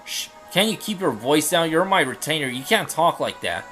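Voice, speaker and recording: A man's voice: on the high side, lively intonation, moderate pace, sharp tone, faint music behind. A man voicing a stern, proud young male prince who scolds his retainer, in a fan dub of game dialogue. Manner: scolding, formal, easily exasperated.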